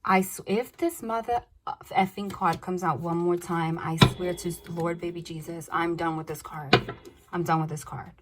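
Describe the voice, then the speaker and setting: A woman doing a casual tarot reading, blunt and animated, swearing freely and laughing between cards. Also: lowish voice, normal speed, heavy background noise. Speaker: tarot reader.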